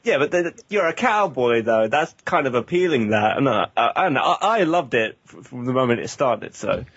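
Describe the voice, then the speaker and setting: A man's voice: medium pitch, very animated, moderate pace, a bit bright, breathy edge, dry recording. A man co-hosting a gaming show who offers hesitant opinions and teases the host. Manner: hesitant, teasing. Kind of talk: casual panel chat. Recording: dry, muffled audio.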